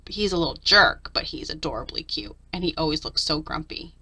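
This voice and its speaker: A woman's voice: lowish voice, brisk, bright, forceful tone. A middle-aged woman chatting candidly through a journal flip-through, venting about her week. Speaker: papercraft vlogger.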